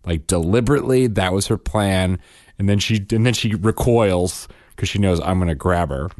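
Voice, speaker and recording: Deep-voiced man telling a lively story. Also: normal speed, no echo, clean studio sound. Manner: animated storyteller, acts out quotes, self-correcting. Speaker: podcast co-host, father. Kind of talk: casual storytelling chat.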